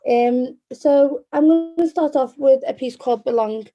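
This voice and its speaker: A Liverpool poet in her twenties with a Scouse accent recites spoken word poetry in a measured, rhythmic delivery. Her voice is high-pitched, and the sound is lo-fi.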